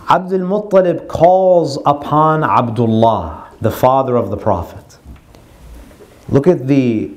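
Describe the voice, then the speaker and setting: A man's voice: mid-range voice, a little mellow. A male religious speaker telling a story in a lecture, quoting Arabic passages and translating them.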